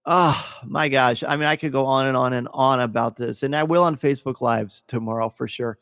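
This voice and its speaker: A man hosting a casual podcast discussion, gushing and excitable as he tells a story. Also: medium pitch, fairly quick, clean tone, no echo, clean studio sound, long reverb tail. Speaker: podcast host.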